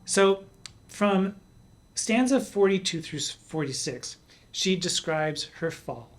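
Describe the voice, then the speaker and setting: A man performing in drag hosts a literary podcast. He discusses poems with cheeky, playful asides and slows down to savor key words. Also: high-pitched, expressive.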